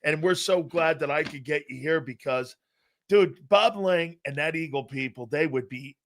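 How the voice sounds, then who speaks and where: A man hosting a live sports talk show, his voice slightly high and very bright. He is boisterous and laughs often between his stories. He chats loosely with the guest and the audience. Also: moderate pace.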